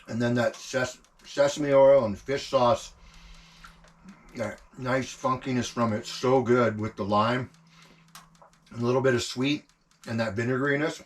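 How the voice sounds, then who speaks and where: A man filming a relaxed camp cooking vlog inside an ice fishing tent, savoring his food and talking with his mouth full. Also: mid-range voice, measured pace, pauses often. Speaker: outdoor vlogger.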